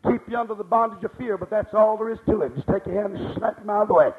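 A man's voice: high-pitched, quick pace, phone-quality sound, slight background noise. A man preaching a sermon in a rhythmic style, repeating phrases and firing off rhetorical questions.

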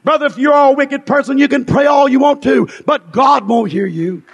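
A man preaching a fiery revival sermon in a strikingly high, gravelly voice, hammering out repeated phrases in shouted bursts. His voice rings through a church hall with a long, reverberant tail. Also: moderate pace. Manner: shouting, rhythmic repetition, rising and falling in bursts.

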